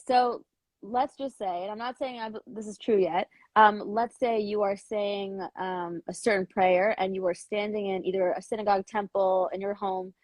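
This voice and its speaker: A woman with a slightly rough morning voice speaks in a mid-range pitch, close to the mic and dry. She talks hesitantly, with fillers, spelling out her points slowly as a guest in a casual chat. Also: steady tone, darkish tone, no echo. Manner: hesitant with many fillers, slow deliberate listing. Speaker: educator and author, guest. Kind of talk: casual video-call interview.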